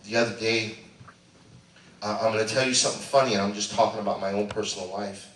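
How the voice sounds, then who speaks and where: Hombre predicador, iglesia con eco. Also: male voice, on the low side, quick pace, slight background noise. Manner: animated preaching, swinging from loud to hushed. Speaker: pastor. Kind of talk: sermon. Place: church sanctuary. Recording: echoey church sound from a distant mic.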